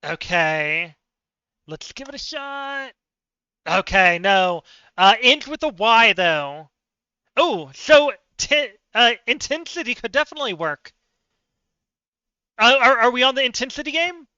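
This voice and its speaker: Bright, sharp-voiced man puzzling aloud. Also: extremely high pitch, expressive, measured pace, pauses often, clear, resonant tone, no echo, dull audio. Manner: thinks aloud, chatty with viewers, self-mocking. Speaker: streamer. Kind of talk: live-stream word game commentary.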